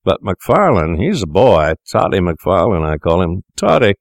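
A man's voice: sits low, sing-song, moderate pace, no echo. A man voicing a coarse, vulgar male stranger who taunts his companion in a raised, mocking voice in a storybook reading. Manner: taunting, jeering banter.

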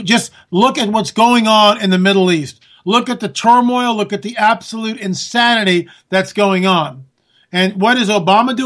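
A man's voice: high voice, fairly bright tone. A man hosting a political talk radio show, ranting and sarcastic, talking straight to his listeners. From California.

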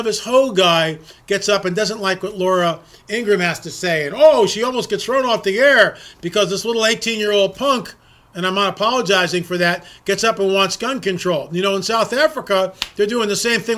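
Male talk radio host, high bright voice, indignant rants that stumble over repeated words. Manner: indignant, ranting, repeats words while restarting. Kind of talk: political talk radio commentary.

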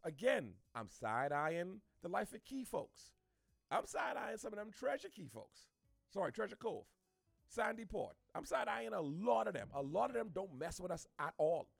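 A man from the Bahamas with a Bahamian accent, ranting to camera in an animated, preachy way, repeating his points. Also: sits high, normal speed, creaky, slightly rough, no echo, faint music behind. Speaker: social media commentator. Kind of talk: opinionated rant to camera.

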